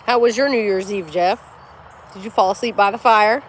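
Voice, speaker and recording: A woman's voice: mid-range voice, moderate pace, a little hiss or hum. A woman in her forties, chatting casually on a livestream, blunt and profane, telling stories with animation. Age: 40s. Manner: animated storyteller. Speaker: livestream host.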